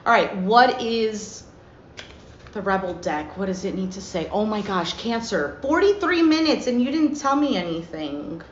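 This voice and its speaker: A woman's voice: mid-range voice, a little slow. Chatty woman reading tarot, roomy sound. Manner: chatty, animated, acts out little dialogues. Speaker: tarot reader. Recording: roomy, slightly dull with faint noise.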